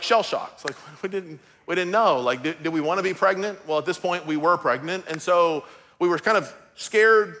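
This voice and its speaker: A man in his thirties, a pastor preaching a sermon and telling a personal story with strong emotion, swinging from loud to hushed. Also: sits high.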